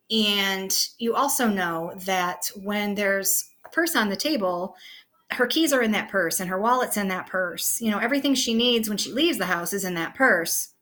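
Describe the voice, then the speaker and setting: A woman's voice: medium pitch, bright, forceful tone. A woman teacher talking casually through an online lesson, peppering her explanations with "okay" and "you know.". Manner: conversational, many fillers like "okay" and "you know".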